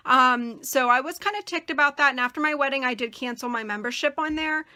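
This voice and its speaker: A young woman hosting a casual crafting tutorial, chatty and rambling with many fillers, and a bit hoarse as she is losing her voice. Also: high-pitched, fairly quick, sharp tone. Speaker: crafting channel host.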